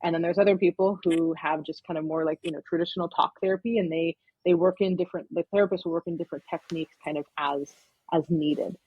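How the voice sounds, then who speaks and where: A woman's voice: lowish voice, steady tone, fast, slightly rough, dry recording, highs cut off. A woman, a counseling intern, talking in a casual podcast interview, explaining at length with many verbal fillers.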